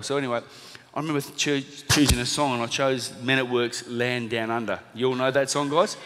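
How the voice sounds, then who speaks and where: A man with an Australian accent telling a lively story to a live audience, acting out the people he quotes. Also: medium pitch. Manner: animated storyteller, acts out quotes. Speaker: speaker at a seminar. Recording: long reverb of a hall.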